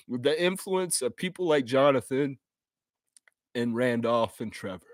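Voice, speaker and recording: On a clean studio recording with no room sound, a man with a mid-range voice hosts a live fan stream, unhurried and pausing often. In this unscripted monologue he speaks earnestly and emotionally, heartfelt and apologetic, frequently restarting sentences.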